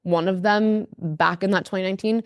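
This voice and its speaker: A woman's voice: medium pitch, steady tone, a little fast, smooth, no echo. A woman as a podcast guest, speaking candidly and emphatically, with a lot of fillers. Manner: earnest, emphatic storyteller, many fillers.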